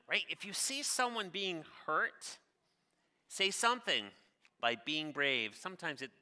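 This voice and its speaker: On a big theater stage, a middle-aged man who writes children's books reads his picture book in an interactive session. His voice sits a little high, pushed and bright yet clear and resonant, and he keeps things upbeat, encouraging the crowd and cheerfully asking them questions. A long hall reverb hangs over the recording.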